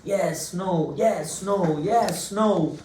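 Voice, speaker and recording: A man's voice: very slow, recorded from a distance, slight background noise. Man teaching Torah in an echoey room. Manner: animated storytelling, big swings of pitch and loudness; talks to class, asides to listeners. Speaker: rabbi teaching a Torah class. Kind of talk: informal Torah lesson.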